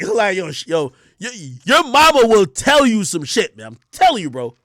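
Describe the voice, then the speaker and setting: A man rants on a livestream in loose, profane slang and circles back over his own lines. His voice sits fairly high and swings up and down a lot. The sound is dry and close. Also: normal speed, few pauses, no echo. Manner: animated, profane, slangy, repeats himself. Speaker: streamer. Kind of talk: casual livestream rant.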